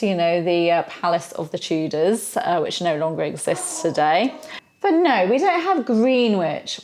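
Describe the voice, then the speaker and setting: A woman's voice: lowish voice, expressive, measured pace, darkish tone. A middle-aged British woman hosting a casual history video, chatty and playful with wry asides. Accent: British English. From Britain. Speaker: history channel host. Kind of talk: casual educational talk to camera.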